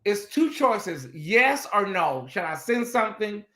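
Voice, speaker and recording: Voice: mid-range voice, sing-song, unhurried, a bit bright, echoey room. A livestream host doing sassy, dramatic chat commentary and talking straight to the viewers.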